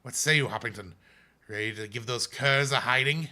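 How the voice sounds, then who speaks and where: A man doing a gruff rallying sea captain. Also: mid-range voice, normal speed, bright, forceful tone, voice pushed down. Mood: rousing. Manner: put-on accent, rallying speech.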